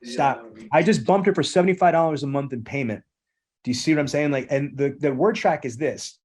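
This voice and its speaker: A man's voice: fairly high pitch, a little fast, darkish tone. A middle-aged man hosting a sales training podcast. He coaches with emphasis and keeps repeating "again" and "okay". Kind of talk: energetic sales training with role-play.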